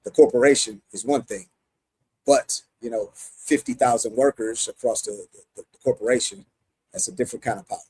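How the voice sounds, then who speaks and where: A man's voice: medium pitch, a little fast, a little mellow, breathy edge, dry recording, low-quality recording. A middle-aged American man, a union president, answering interview questions emphatically, often restarting his sentences. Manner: emphatic, many repeated restarts.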